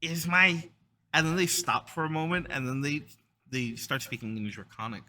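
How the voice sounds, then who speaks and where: A game master narrating a tabletop game in a lively, rambling way with fillers. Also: medium pitch, a little fast, slight background noise.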